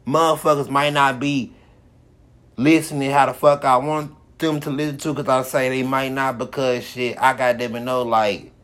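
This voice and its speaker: A man's voice: mid-range voice, little pitch movement, moderate pace, fairly bright tone. A man hosting his own podcast, giving a profane, repetitive motivational monologue with heavy swearing. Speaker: podcast host.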